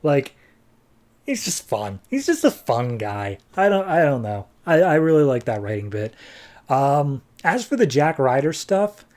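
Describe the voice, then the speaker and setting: A man's voice: on the high side, sing-song, a little slow, a little mellow. A man hosting a podcast, reviewing comics in a casual, rambling way.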